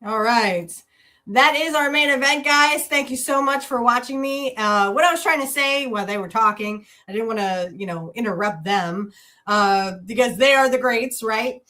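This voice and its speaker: A woman's voice: on the high side, normal speed, sharp tone. A woman hosting a channel, chatting casually to viewers after archive footage. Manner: chatty, laughing asides. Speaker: channel host.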